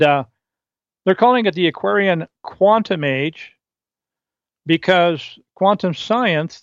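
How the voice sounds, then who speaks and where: A man hosting a solo podcast reads from his articles and riffs off script, rambling and halting, with many fillers and restarts. His voice is a little high, and the recording is dry with the highs cut off.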